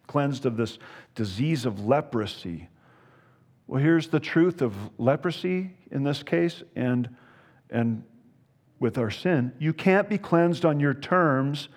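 A pastor giving an animated expository sermon, emphatic, with playful asides and frequent repeated words. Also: male voice, on the high side. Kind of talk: expository Bible teaching sermon.

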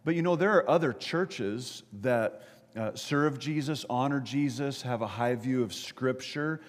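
A man's voice: mid-range voice, unhurried. Man preaching conversationally in an echoey church. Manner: conversational preaching with repeated words and audience asides. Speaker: pastor. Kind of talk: sermon. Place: church sanctuary.

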